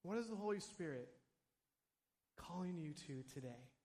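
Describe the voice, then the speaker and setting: A man pastor giving a sermon in a church, talking in an animated, conversational way with casual asides. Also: fairly high pitch, normal speed. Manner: conversational, animated preaching with asides and acted quotes. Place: church sanctuary. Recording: long hall reverb.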